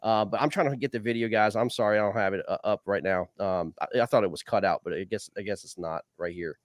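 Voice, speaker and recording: A man's voice: lowish voice, fast talker, dry recording, studio quality. Rambling male league show host. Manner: rambling, repeats "man" and "dude". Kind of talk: casual league recap talk.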